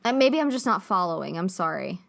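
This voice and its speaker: A woman co-hosting a podcast in casual chat, who jumps in quickly and apologizes. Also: fairly low pitch, big pitch swings, vocal fry, fairly bright tone. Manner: quick to jump in, apologetic, laughs easily. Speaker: podcast co-host.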